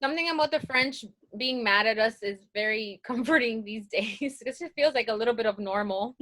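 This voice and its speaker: A woman's voice: on the high side, a little fast, a bit bright. A woman co-hosting a podcast in casual chat, blunt and opinionated, swearing now and then. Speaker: podcast co-host.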